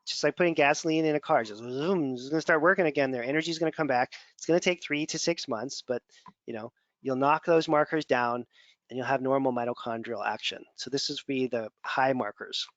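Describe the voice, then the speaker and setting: A man gives a relaxed lecture to students, talking through his slides in a chatty, meandering way and doubling back on words as he thinks. His voice sits at an ordinary pitch. The recording is dull and lo-fi, with a dry, close sound. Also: a little fast, dry recording. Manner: conversational, digressive, repeats words while thinking. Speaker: functional medicine instructor. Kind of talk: casual lecture over slides.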